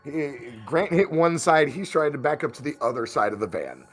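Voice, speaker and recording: Give me a man as game master, teasing and quick to laugh, with an animated voice. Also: fairly high pitch, faint music behind. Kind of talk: narrating a tabletop game.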